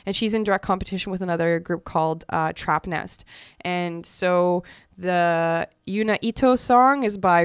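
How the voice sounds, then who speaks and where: A woman's voice: lowish voice, smooth, no echo, studio quality. A woman hosting a radio show about comics, chatting casually and enthusiastically with fillers and restarts.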